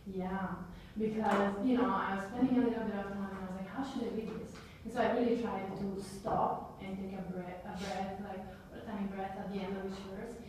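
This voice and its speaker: A woman's voice: fairly even intonation, fairly quick, few pauses, a little mellow. A woman speaking English as a non-native speaker, talking animatedly with many fillers in a casual group discussion. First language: not English. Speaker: seminar participant. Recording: very echoey room, distant mic, faint rumble.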